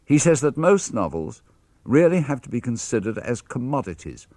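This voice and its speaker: An older man with a British accent reading a father's letters aloud for radio, measured and expressive. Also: mid-range voice, no echo. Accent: British English. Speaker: reader of letters.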